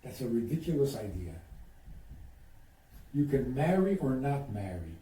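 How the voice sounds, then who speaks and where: A man's voice: mid-range voice, measured pace. A man, a rabbi, giving advice in an interview and acting out quoted dialogue as he tells stories. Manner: animated storyteller, acts out quoted dialogue. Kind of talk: conversational storytelling. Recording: roomy sound, distant from the mic.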